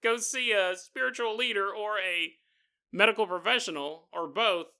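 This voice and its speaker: Podcast host, man, bright voice, casual comedic storytelling with tangents. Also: high voice, normal speed, smooth. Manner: jokey asides, casual, digressive.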